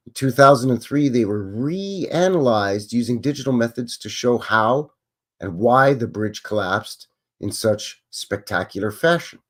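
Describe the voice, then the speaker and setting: Lively-pitched man reading with wry asides. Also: measured pace. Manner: wry, self-deprecating asides between read passages. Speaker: live-stream host. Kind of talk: reading aloud with offhand commentary.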